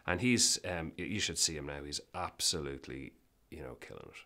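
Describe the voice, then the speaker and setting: Deep-voiced man telling animated business stories. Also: brisk. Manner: animated, emphatic anecdotes with many restarts. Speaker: business guest. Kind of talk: casual interview storytelling.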